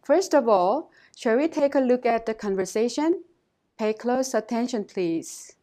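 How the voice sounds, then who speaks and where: Careful woman language teacher, fairly high voice. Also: animated, warm tone. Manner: slow, careful, instructive delivery with repeated model phrases. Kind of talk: scripted lesson narration.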